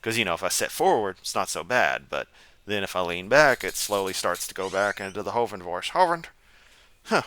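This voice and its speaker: A man's voice: low voice, a little fast, sharp tone. A man giving sarcastic, rambling reaction commentary from a chair at home. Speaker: commentary streamer. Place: home room, seated.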